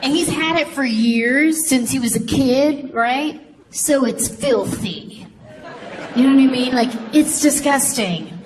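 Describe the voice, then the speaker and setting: A woman's voice: high-pitched, slow pace. A woman doing a stand-up comedy routine on stage, telling stories and acting out childhood voices. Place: comedy stage before a live audience. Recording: live show with crowd and noise.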